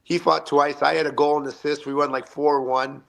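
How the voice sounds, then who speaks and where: A man in his fifties, a retired hockey player, telling animated locker-room stories as a podcast guest and acting out the quotes. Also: on the high side, normal speed, vocal fry. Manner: animated anecdotes with acted-out quotes. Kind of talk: storytelling interview.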